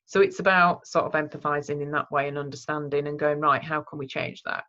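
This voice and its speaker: Low-voiced woman giving a training talk. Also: fairly even intonation, fairly quick, bright, forceful tone, muffled recording. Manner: conversational, demonstrates example phrases.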